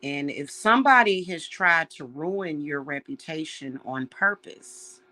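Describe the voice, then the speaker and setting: Slow, heartfelt woman spiritual host. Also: low voice, expressive, sharp tone. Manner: slow, heartfelt, emotional, addresses viewers as y'all. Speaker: witch and spiritual reader. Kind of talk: casual spiritual talk to viewers.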